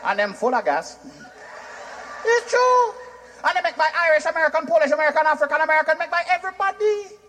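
Animated Jamaican man doing stand-up. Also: very high-pitched, fast talker. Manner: animated, shouts punchlines, slips in and out of patois. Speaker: stand-up comedian. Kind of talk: stand-up comedy.

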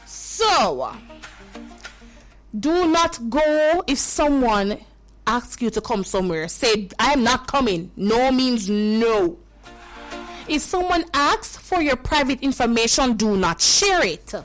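A woman's voice: a little high, lively intonation, slow, faint music behind. A woman with a Jamaican accent hosting a children's radio show, speaking to the kids in a caring, repetitive way and calling them fondly. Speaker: radio host.

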